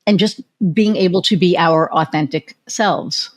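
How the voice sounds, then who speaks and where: An American woman hosts a podcast in a loose, conversational way. She tells personal stories candidly and swears freely, with a voice sitting a little low for a woman. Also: unhurried. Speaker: podcast host. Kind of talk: casual interview chat.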